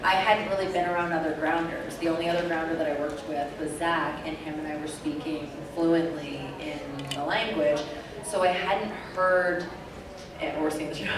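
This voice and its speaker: A woman on a convention panel, telling a story in a chatty, animated way with lots of fillers. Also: on the low side. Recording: echoey hall from far off.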